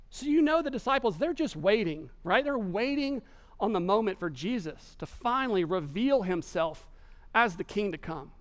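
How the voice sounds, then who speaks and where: A man preaching a sermon, telling the story with animated delivery and acted-out quotes. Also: sits high, moderate pace. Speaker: pastor.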